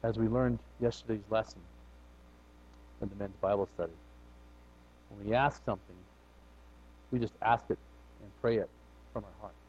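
A man preaching a conversational sermon, his voice rising and falling in loudness and pitch as he speaks. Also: steady tone, normal speed, pauses often, breathy edge. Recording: dull lo-fi recording.

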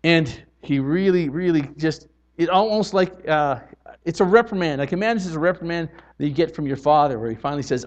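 A pastor preaches a sermon in a fairly high, slightly raised male voice at normal speed, earnest and emphatic. He swings between hushed moments and loud, forceful declarations. The recording is muffled and lo-fi.

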